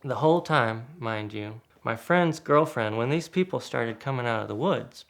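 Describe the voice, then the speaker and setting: A man telling a casual spoken anecdote in a lively way, acting out the other people's lines. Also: normal speed, creaky. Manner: lively, acts out quoted voices with sudden pitch jumps. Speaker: guest storyteller.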